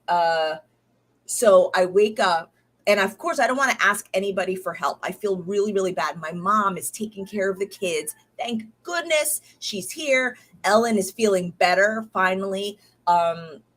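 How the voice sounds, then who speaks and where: Woman, 30s, casual diary-style chat, rambling with fillers, tired from illness, lower pitch. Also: a bit bright. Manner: rambling, many fillers and restarts. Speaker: podcast host.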